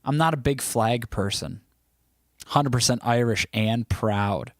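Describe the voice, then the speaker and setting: In clean studio sound with no room echo, a male livestream host reads live comments and chats loosely at an unhurried pace. His medium-pitched voice carries a slightly scratchy throat.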